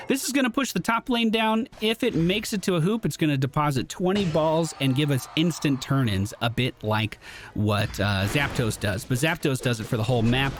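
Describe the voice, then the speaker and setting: A man's voice: mid-range voice, background noise. A tired man giving explanatory play-by-play commentary over a video game match. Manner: explanatory, animated, strategic play-by-play. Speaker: gaming commentator. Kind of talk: gameplay commentary. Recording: clear background music.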